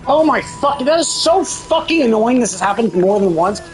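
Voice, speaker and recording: A woman's voice: fairly high pitch, lively intonation, moderate pace, faint music behind. A woman streamer giving live gameplay commentary, swearing often as she rants about the game in exasperation. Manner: profane, exasperated ranting.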